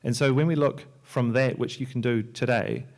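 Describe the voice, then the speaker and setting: A man, a software entrepreneur and filmmaker, giving a loose, joking talk on a library panel, with many restarts and fillers. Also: medium pitch, normal speed. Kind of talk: conference talk. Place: lecture hall at a library.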